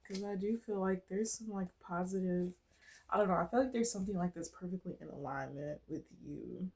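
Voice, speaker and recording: A tarot reader gives a casual collective reading in a lowish, brisk voice, speaking bluntly and swearing freely. She laughs a lot, shifting between quiet musing and loud, emphatic bursts.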